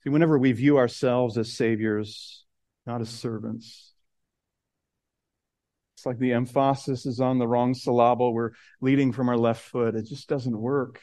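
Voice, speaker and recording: A man preaching a sermon, earnest, slowing and dropping soft on key words, then rising as he builds. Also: steady tone, dry recording. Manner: earnest, rises in pitch and intensity as he builds. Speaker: pastor.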